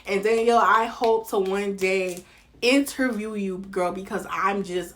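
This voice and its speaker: A young woman with a Southern American drawl, riffing on a reality show in a loose, slangy vlog. She talks straight to the viewer as if she were a friend. Her voice sits at a middle pitch. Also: a little slow, fairly bright tone. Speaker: reality TV commentator. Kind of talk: casual commentary vlog.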